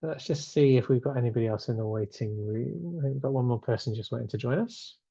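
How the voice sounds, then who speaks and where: A man hosting a webinar over a video call chats easily and reads replies from the chat with plenty of ums. His voice is mellow and dark, heard dry and close. The audio has a slightly dull, muted edge. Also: medium pitch, fast talker, vocal fry, slightly rough, dry recording. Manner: chatty, reads out chat replies, many fillers. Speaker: webinar host.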